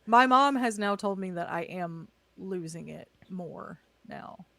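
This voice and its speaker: A woman's voice: fairly low pitch, lively intonation, unhurried, vocal fry, a bit bright, dry recording. A woman from Wisconsin with a faint Wisconsin accent, co-hosting a chatty conversation about a series. She giggles often, and her voice sounds dry and close with no room behind it. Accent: light Wisconsin. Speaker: podcast co-host. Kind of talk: casual chat about a TV show.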